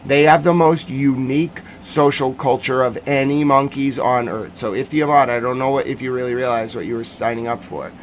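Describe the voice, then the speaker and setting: A man hosting a live news stream talks fast and jokes his way through viewer messages, swinging into mock-serious rants. His voice sits at a middle pitch, and a faint hum of background noise runs under it. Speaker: livestream news host answering chat. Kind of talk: casual livestream chat.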